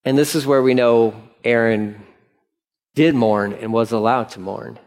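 A man's voice: mid-range voice, unhurried, darkish tone. Casual, chatty male Bible teacher. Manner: conversational, full of "like", reads scripture aloud.

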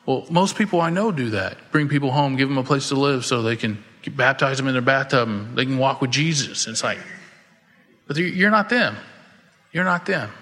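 Folksy pastor in a reverberant hall. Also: male voice, medium pitch, brisk, few pauses, a bit bright. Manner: casual, folksy, acts out quoted voices. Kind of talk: conversational sermon with storytelling.

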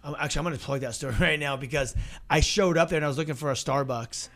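A man's voice: a little high, racing. A man leading a ministry tour, telling stories in casual talk and acting out what people said. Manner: animated storyteller, acts out dialogue. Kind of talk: casual recap storytelling.

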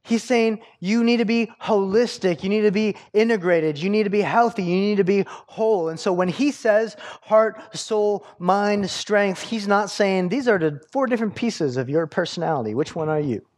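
A male pastor preaching with a slightly raised pitch. He talks conversationally, stumbling through fillers and restarts as he explains his points. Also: normal speed, hardly any pauses, a little mellow. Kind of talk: sermon.

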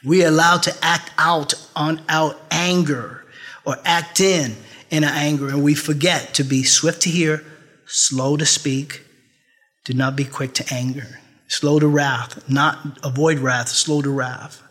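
Guy preaching a sermon, punchy repeats, laughs at his own jokes, bright tone. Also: a little high, fairly even intonation, a little slow. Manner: emphatic preaching with repetition and asides. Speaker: pastor.

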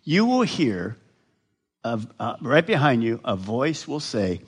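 A man preaching a sermon to a large crowd, slow and emphatic, often putting questions to his listeners. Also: medium pitch, big pitch swings, slightly rough. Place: large gathering addressed live.

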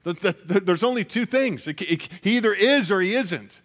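A man's voice: high-pitched, animated, moderate pace, fairly bright tone. A man preaching a sermon, earnest and emphatic, often repeating phrases for weight. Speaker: pastor.

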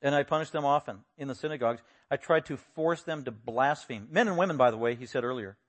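A man preaching an expository sermon, lively and acting out the voices he quotes with sudden loud bursts. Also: mid-range voice, fast. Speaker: pastor.

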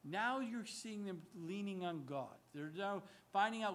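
A man preaching a sermon in an animated, emphatic way, often stopping to correct himself. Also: sits high, unhurried. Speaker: pastor.

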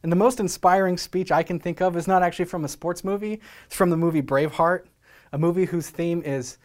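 Scottish-born pastor guy preaching, earnest, keeps asking why not, kinda high voice. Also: fairly even intonation, brisk. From Scotland. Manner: earnest, exhorting, rhetorical questions. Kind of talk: sermon.

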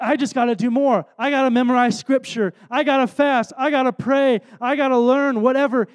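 A man's voice: extremely high pitch, a little mellow. A man in his thirties preaching a sermon in an earnest, conversational way, with self-deprecating asides.

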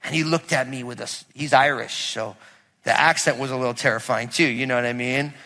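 A male pastor preaching a sermon to a congregation, telling a personal story and building to loud, emphatic preaching. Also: mid-range voice, steady tone, brisk. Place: church sanctuary with congregation. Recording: long reverb of a large hall.

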